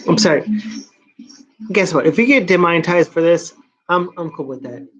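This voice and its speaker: A man vlogging in a casual late-night monologue, rambling and confessional with hushed asides. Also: on the high side, moderate pace, dull audio.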